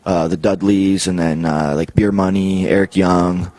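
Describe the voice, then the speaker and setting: A man's voice: deep voice, measured pace, dry recording. A man from Canada in his thirties, telling backstage stories in a casual interview, laughing often and acting out the people he quotes. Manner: animated, laughs a lot, acts out quoted voices. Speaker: guest. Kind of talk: casual storytelling.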